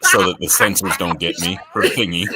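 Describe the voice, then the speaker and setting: A man's voice: low voice, a little fast, pushed and bright. A man chatting on a beer livestream, telling crude, profane jokes and laughing often. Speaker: co-host on a beer review stream. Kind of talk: casual chat on a livestream. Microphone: remote stream call.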